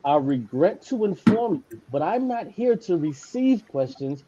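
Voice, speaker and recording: A man's voice: high voice, very animated, measured pace, muffled recording, noisy background. A man calling in to an online debate show, insistently repeating his questions. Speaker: caller.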